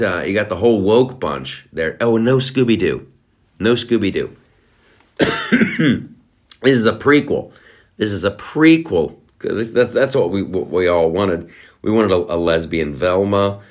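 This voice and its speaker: A middle-aged man hosting a podcast, talking in a sarcastic, rambling way with many restarts. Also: low voice. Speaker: podcast host. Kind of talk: casual monologue.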